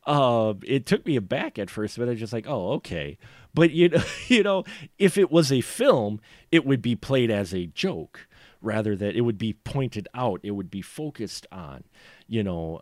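A man's voice: mid-range voice, big pitch swings, moderate pace, darkish tone, dry recording, studio quality. A man from the upper Midwest co-hosting a podcast, rambling and laughing as he talks about films. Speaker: podcast co-host. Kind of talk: casual film discussion.

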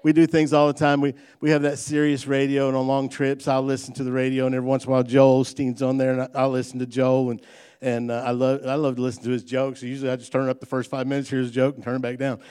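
A man's voice: mid-range voice, completely flat delivery, fast talker, mellow, clear, resonant tone. A man preaching a sermon in a folksy, conversational way, mixing jokes into his points and building emphasis on key lines. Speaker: pastor.

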